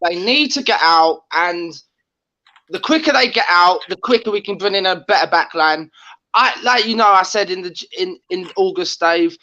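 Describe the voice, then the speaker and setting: A man's voice: sits high, pushed and bright, lo-fi sound. A man calling into a fan show, ranting casually with lots of stumbles and restarts, over call audio. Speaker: caller.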